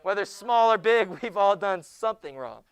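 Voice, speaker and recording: Lively man teaching a junior high class. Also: moderate pace, clean tone. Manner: lively, jokey, often hushing students. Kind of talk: classroom lecture.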